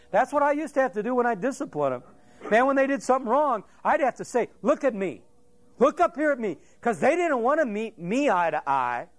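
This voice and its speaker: A middle-aged man preaching a sermon, telling the story vividly and acting out the quotes and a crowing rooster. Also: extremely high pitch. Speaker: pastor.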